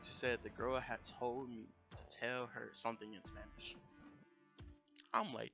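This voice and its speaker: A man telling a story in a casual, animated rant on a live stream, often jumping into raised voices to quote people. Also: medium pitch, a little slow, vocal fry. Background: music.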